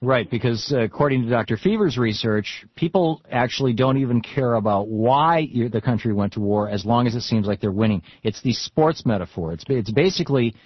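A man hosting a radio talk show, opinionated and quick to argue his point. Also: mid-range voice, lively intonation, slightly rough, dry recording. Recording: dull, dry studio sound.

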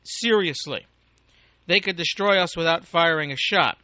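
A man's voice: a little high, normal speed, bright, forceful tone, no echo. An American man giving an angry, profane, rambling political rant as a talk radio host, on a dull lo-fi recording. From United States.

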